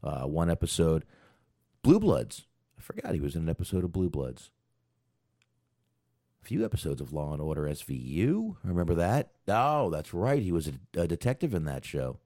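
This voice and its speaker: Very deep-voiced rambling podcast host. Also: male voice, wildly swooping pitch, normal speed, mellow, no echo, studio quality. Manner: rambling, thinking aloud while looking things up. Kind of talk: casual chat about a film.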